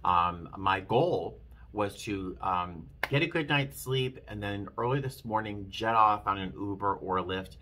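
Middle-aged male vlogger, lowish voice with a bright edge, rambling and emotional, talking straight to camera. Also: a little slow. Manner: rambling, emotional, self-deprecating. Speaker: flight attendant vlogger. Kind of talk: casual vlog talk to camera.

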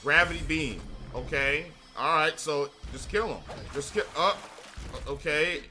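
A man's voice: a little high, unhurried, sharp tone. A man giving a casual reaction review of a show, profane, sarcastic and exasperated. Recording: faint music behind.

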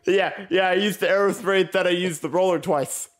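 A man's voice: high voice, fairly even intonation, moderate pace. A man hosting a casual gaming video, playful and laughing often as he chats through a match. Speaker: gaming channel host. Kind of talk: casual gameplay chat.

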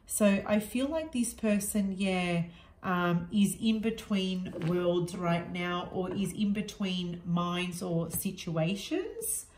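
A woman gives a tarot reading in a slow, unhurried way, frank and reassuring, with plenty of ums along the way. Her voice sits a little low. The room around her adds a noticeable echo. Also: lively intonation, a little mellow. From Australia. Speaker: tarot reader.

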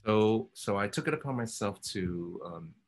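A man's voice: fairly low pitch, animated, normal speed, a little hiss or hum. A man in his fifties from Oakland, California, recalling his past in a reflective oral history interview, with many ums and restarts. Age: 50s. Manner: thoughtful, rambling, many ums and self-corrections.

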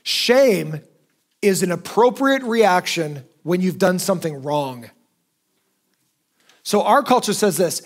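A man's voice: sits high, animated, takes it slowly, long pauses. A male pastor preaching a sermon in a conversational, emphatic way.

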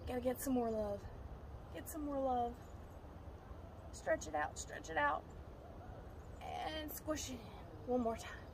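A woman's voice: fairly high pitch, measured pace, pauses often, noisy background. A woman guiding children through yoga moves, upbeat and encouraging, counting aloud. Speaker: kids' yoga leader.

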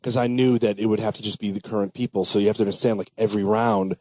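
A man's voice: fairly low pitch, fairly even intonation, rapid-fire, a little mellow, no room sound. A man, a comedian and impressionist, telling a rambling story in casual talk-show chat, with many fillers and restarts. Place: radio studio.

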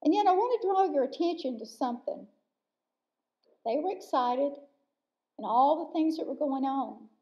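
A woman preaching a sermon in a church, earnest and emphatic, slowing down to stress key words. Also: sits high, expressive, warm tone. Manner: earnest, slow and emphatic with pauses. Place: church sanctuary. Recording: dull lo-fi church recording.

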